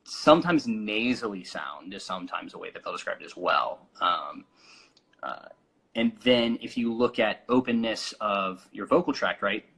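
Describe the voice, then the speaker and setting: Young man, voice coach, bright tone, slightly husky, casual explaining, filler words. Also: lowish voice, moderate pace, rough recording. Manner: explains with demonstrations, many fillers. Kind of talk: casual vocal instruction.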